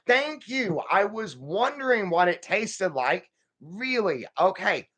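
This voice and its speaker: A man's voice: high voice, big pitch swings, slow, sharp tone, breathy edge. A man hosting a casual live stream, rambling and folksy as he reads out viewer comments and answers them. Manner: folksy, calls viewers friend and y'all.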